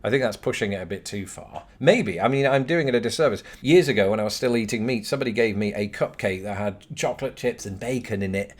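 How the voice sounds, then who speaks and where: A young man with an English accent answers viewer questions to camera in a vlog. His voice sits a little low, and he talks with wry, self-mocking asides. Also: fast talker, hardly any pauses. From Britain. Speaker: host.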